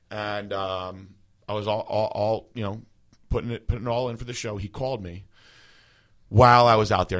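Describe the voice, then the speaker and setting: A man with a very low voice tells a long personal story in a loose, casual way. He talks in a rambling manner, full of fillers and restarts. He sounds like a host in his thirties chatting on a podcast. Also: fairly bright tone.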